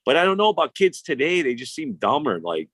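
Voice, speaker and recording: A man's voice: fairly high pitch, wildly swooping pitch, brisk, fairly bright tone, breathy edge, no room sound. A man, telling stories in casual, profane, rambling chat as a podcast host. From Chicago. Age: 50s.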